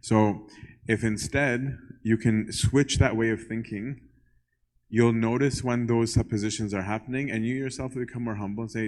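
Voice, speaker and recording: A young priest holds an informal Q&A with his congregation, frequently asking "right?" and acting out short dialogues. He speaks at a moderate pace in a steady, mid-range, slightly mellow voice, captured in low quality.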